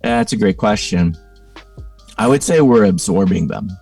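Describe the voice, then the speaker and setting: A middle-aged man with a very low, gravelly voice shares his story as a podcast guest. His tone is dark and mellow, and he speaks thoughtfully, leaning on "you know" and "like." He sounds a little far from the mic, with faint music behind. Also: expressive, measured pace. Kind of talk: reflective conversational storytelling.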